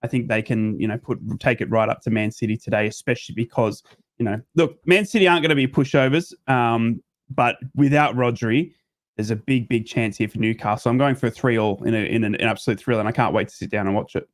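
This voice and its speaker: A man's voice: medium pitch, fast talker, no room sound, studio quality. A man on a football podcast panel, talking in a hesitant way with many fillers and restarts over a video call. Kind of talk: casual football chat.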